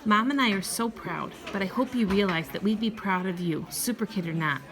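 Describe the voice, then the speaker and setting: Woman reading proud gentle dad, reassuring, audiobook, mid pitch. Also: fairly quick, natural voice. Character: gentle proud father of a boy.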